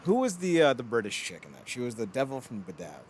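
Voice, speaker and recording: A podcast host in his thirties chats casually, animated and joking, laughing a lot. His voice is medium-pitched and husky, and he talks fast.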